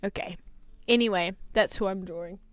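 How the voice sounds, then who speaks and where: A woman's voice: medium pitch, moderate pace, no room sound. A young woman chatting casually on a live stream while she draws, playful and giggly, sometimes slipping into a cooing baby voice. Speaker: livestreamer. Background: faint music.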